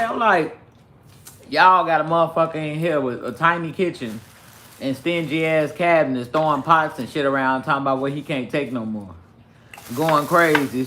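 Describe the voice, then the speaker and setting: A man's voice: on the high side, pushed and bright, slight background noise. A man giving blunt, heated livestream commentary, swearing constantly as he rants. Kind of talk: profane ranting commentary.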